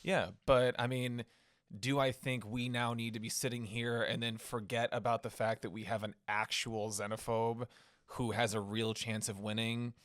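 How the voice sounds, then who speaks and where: A man chats casually on a podcast, riffing quickly in a wry, sarcastic way. His pitch sits in the middle of the male range. The recording is dry and close, with no room echo. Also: little pitch movement, fairly bright tone. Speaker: podcast co-host.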